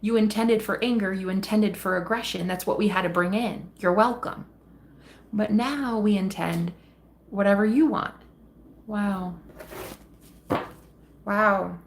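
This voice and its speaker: A woman's voice: medium pitch, steady tone, a little slow, creaky, long pauses. A woman chatting on a tarot live stream, reading out viewer comments in a casual, affectionate way, calling viewers sweetheart and honey, laughing often and swearing freely.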